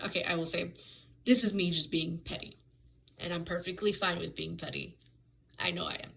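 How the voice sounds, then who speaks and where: A woman's voice: on the low side, a little hiss or hum, poor audio. A woman giving a casual, sarcastic book review, ranting in an exasperated way with frequent "like" fillers and restarts.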